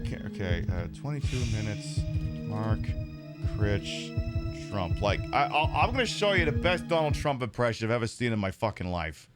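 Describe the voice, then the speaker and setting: A man's voice: mid-range voice, big pitch swings, normal speed, over loud music. Rambling, profane male game streamer. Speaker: streamer playing a horror game. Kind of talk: casual live-stream commentary.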